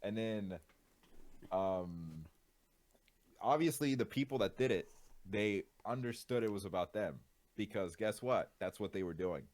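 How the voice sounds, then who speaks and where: A man's voice: on the low side, lively intonation, measured pace, pauses often, darkish tone. A male streamer in casual chat, ranting with exasperation, swearing often and leaning on fillers.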